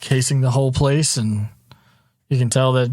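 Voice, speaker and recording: A man running a tabletop role-playing game as game master, narrating scenes in an easygoing, even way. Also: mid-range voice, normal speed, no room sound, clean studio sound.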